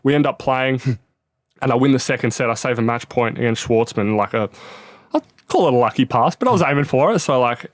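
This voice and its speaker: Swearing, animated Australian young man. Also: mid-range voice, a little fast, no room sound. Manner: animated, swears freely, acts out quotes. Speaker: podcast guest. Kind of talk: casual storytelling chat.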